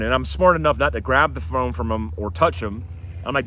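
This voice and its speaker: A man telling a personal story to camera outdoors, casual and animated, acting out what people said. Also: medium pitch, moderate pace, slight background noise. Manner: animated, acts out quotes in a raised voice. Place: outdoors by his house and driveway.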